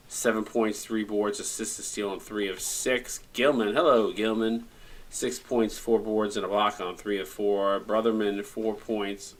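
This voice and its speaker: A man with a lowish, slightly bright voice commentates a streamed video game basketball match. He casually reels off player stat lines in a play-by-play recap, adding joking asides.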